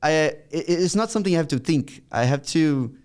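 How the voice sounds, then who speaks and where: A man's voice: a little high, normal speed, clean tone. A man hosting an interview, talking eagerly in casual chat and often restarting his sentences. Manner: eager, restarts often, speeds up when excited. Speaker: podcast host.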